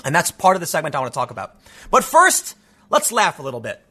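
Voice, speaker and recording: A man in his thirties hosting a casual commentary show, reading news aloud with animated asides and rapid restarts. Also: on the high side, husky. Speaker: political commentary host.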